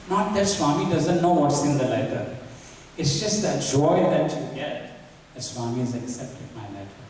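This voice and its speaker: A man's voice: a little high, moderate pace, a little mellow. A man giving a devotional talk, earnestly telling personal stories and acting out remembered dialogue, recorded from far off in a large hall. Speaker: devotional speaker. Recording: echoey hall from far off, faint hiss.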